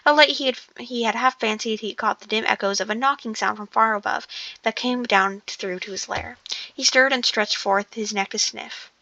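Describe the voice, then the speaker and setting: Woman reading a book aloud, stumbles and restarts, bright gravelly voice, dry dull home recording. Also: a little high, moderate pace, no room sound. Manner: stumbling, frequent restarts and joking asides. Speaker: audiobook reader. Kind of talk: casual read-aloud of a novel.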